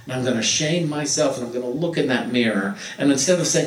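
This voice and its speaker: A man's voice: mid-range voice, fast talker, few pauses. A man giving an earnest, playful spiritual talk who acts out quotes now and then. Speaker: spiritual speaker. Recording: roomy, distant mic.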